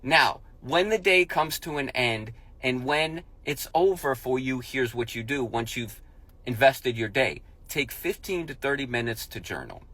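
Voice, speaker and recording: A man delivering a motivational talk in a punchy, coach-like way, hammering his points home by repeating them. His voice sits at an ordinary middle pitch for a man. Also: lively intonation, measured pace, pushed and bright. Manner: emphatic, repetitive, coach-like pep talk. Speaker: motivational speaker. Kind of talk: motivational monologue.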